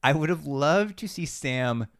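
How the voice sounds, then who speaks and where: A man's voice: a little high, a little slow. A man co-hosting a podcast, casually recapping a TV show and acting out the characters' lines as he tells it. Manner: animated retelling, acts out quoted lines. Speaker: podcast co-host.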